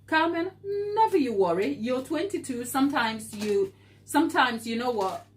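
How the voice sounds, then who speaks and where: A woman's voice: a little high, lively intonation, moderate pace. A woman hosting a live baking stream, talking earnestly and encouragingly as she answers viewer comments, laughing easily. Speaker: baking show host.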